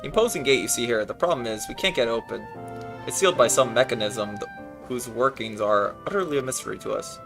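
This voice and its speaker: A man's voice: medium pitch, quick pace, creaky, music in the background, lightly acted. A man reading the lines of a formal male explorer in game dialogue, with old-fashioned, stately wording. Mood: explaining. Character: formal male explorer explaining a sealed gate.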